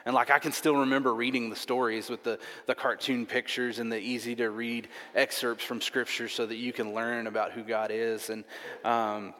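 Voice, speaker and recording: A man's voice: mid-range voice, flat delivery, moderate pace, sharp tone. A man preaching a sermon, telling a personal story earnestly and repeating himself often. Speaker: pastor. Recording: long reverb of a large hall.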